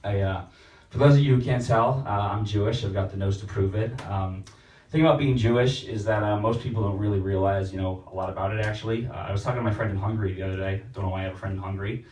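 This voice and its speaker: Young male stand-up, deadpan storyteller with exaggerated voices, small room, distant phone mic. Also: lowish voice, fast. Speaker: stand-up comedian. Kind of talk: stand-up set. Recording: roomy, distant phone livestream.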